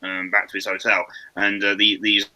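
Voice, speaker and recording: A man's voice: on the low side, completely flat delivery, normal speed, bright, forceful tone, no room sound, low-quality recording. A man chatting on a livestream, mostly giving short agreeing replies and telling a hesitant story. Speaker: livestream co-host. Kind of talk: casual chat.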